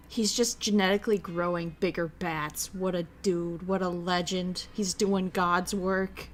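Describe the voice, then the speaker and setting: A woman's voice: on the low side, steady tone, a little slow, few pauses, faint music behind, low-quality recording. Chatty young woman hosting a watch-along. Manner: chatty, lots of "like", frequent laughs. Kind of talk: casual chat.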